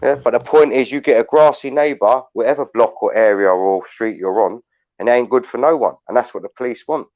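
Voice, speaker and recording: A man's voice: medium pitch, a little fast, no echo, muffled recording. A man with a London accent who hosts a livestream panel, telling stories in a blunt, sweary rant. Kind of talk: heated casual chat.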